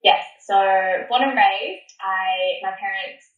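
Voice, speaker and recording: A woman's voice: mid-range voice, takes it slowly, fairly bright tone, highs cut off. A young woman with an Australian accent, a podcast guest chatting casually and animatedly, laughing often and rambling a little. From Sydney, Australia. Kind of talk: casual chat. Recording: echoey room, distant from mic.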